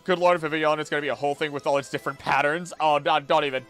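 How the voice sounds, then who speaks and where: A man streaming casually, skimming text aloud quickly with mumbled filler and breaking into loud, heated rants. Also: a little high, steady tone, faint music behind. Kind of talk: casual live-stream chat, reading aloud.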